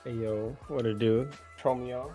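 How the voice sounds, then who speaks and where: A young man, a podcast guest, chatting in relaxed, easygoing slang. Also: mid-range voice, moderate pace, soft background music. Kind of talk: casual chat.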